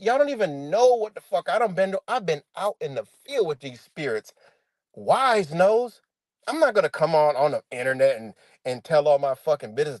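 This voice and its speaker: Swearing man ranting to viewers, lively pitch. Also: dry recording. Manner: animated, swearing, addresses viewers as y'all. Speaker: livestreamer. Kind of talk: profane livestream rant.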